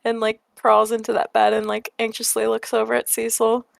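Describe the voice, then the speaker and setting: A woman's voice: fairly high pitch, monotone, a little fast, creaky, dry recording. A woman playing a tabletop game, describing her character playfully in the third person. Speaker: player.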